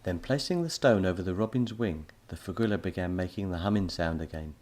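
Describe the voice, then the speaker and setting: A man narrating a children's audiobook in a lively storytelling manner. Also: low voice, fairly quick.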